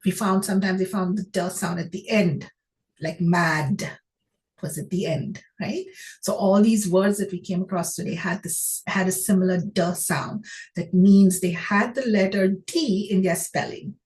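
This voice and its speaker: A woman teaching children phonics, patient and encouraging, sounding out words slowly and praising often. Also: mid-range voice, a little mellow. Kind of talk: phonics lesson to young children.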